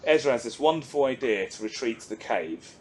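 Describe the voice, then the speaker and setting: With a crowd audible in the background, a man co-hosting a podcast recaps an episode casually, performing the characters' lines with animation. His voice is medium-pitched and he talks a little fast.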